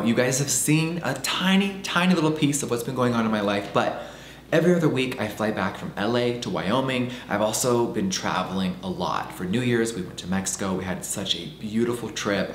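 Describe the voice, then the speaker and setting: A man's voice: fairly low pitch, animated, brisk, a little hiss or hum. A man vlogging outdoors in a pasture on a handheld camera. He talks casually and frankly, with some swearing. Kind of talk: casual vlog narration. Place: outdoors in a ranch pasture at dawn. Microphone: handheld camera mic.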